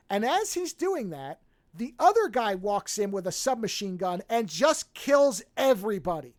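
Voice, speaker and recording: A man hosting a podcast in casual chat, retelling a movie plot with lively acted-out lines and frequent swearing. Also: high voice, no echo, clean studio sound. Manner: animated storyteller, acts out movie characters, swears freely. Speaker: podcast host.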